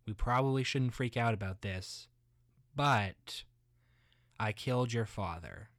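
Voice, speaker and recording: A man playing a muddled everyday guy who rambles haltingly, full of restarts and filler words. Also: medium pitch, fairly bright tone, dry recording, clean studio sound.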